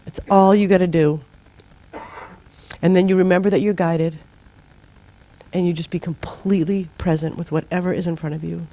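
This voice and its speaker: Speaking at a normal speed but pausing often, a middle-aged woman with a fairly low voice leads a spiritual group. She's earnest and informal, and her animated stories include acted-out versions of her own outbursts.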